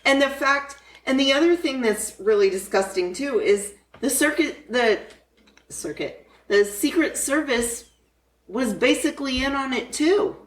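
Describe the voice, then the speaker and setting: A woman's voice: high-pitched, expressive, a little slow. Woman, podcast co-host, blunt, profane, heated casual chat, roomy echo, distant mic.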